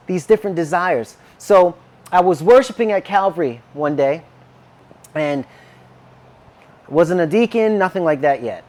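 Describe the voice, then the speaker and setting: A man preaching a sermon, telling a personal story in an animated way and acting out the dialogue. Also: high voice. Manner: animated, acts out quoted dialogue. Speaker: minister.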